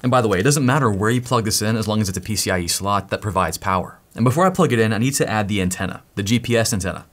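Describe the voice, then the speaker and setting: A man hosting a tech video, explaining hardware in an excitable, jokey way that keeps interrupting itself. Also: lowish voice, fast talker, hardly any pauses. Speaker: tech YouTuber host.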